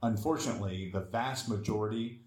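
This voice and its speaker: A man's voice: fairly low pitch, brisk, darkish tone, roomy sound. A man in casual conversation, talking bluntly and swearing freely. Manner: blunt and profane, with laughs. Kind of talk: casual chat.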